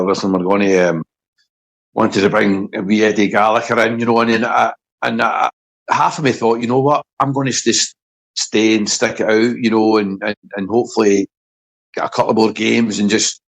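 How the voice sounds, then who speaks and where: A middle-aged Scottish man with a somewhat low voice talks in relaxed interview chat. He stumbles and repeats his words, and he sounds moved as he recalls the past. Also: low-quality recording. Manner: halting, repeats words, emotional. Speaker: former footballer, podcast guest.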